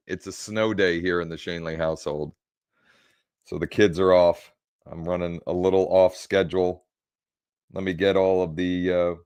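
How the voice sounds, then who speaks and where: Low, slow-talking man hosting a live stream. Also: clear, resonant tone, no echo. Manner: rambling, self-correcting, restarts phrases. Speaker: real estate coach hosting a live stream. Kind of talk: casual live-stream teaching. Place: home.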